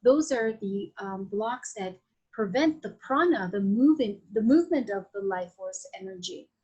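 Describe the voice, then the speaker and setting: A woman with a Latin American Spanish accent, a Vedic astrologer, is a guest on a podcast interview. Her mid-range, darkish, slightly rough voice is animated at a moderate pace, with the highs cut off. She talks in a flowing, reflective way full of restarts and fillers.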